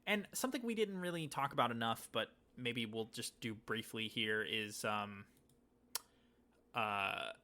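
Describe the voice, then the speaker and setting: A man co-hosting a laid-back podcast, his voice bright and forceful at a middling pitch. He rambles through stories and breaks into little acted-out quotes. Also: measured pace. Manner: rambling storytelling, acts out quoted lines. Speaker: podcast co-host. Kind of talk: casual chat.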